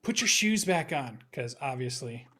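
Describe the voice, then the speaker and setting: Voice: medium pitch, sing-song, normal speed, bright, forceful tone. A player in a tabletop game telling a loose, casual story about a family. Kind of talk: tabletop role-play chat.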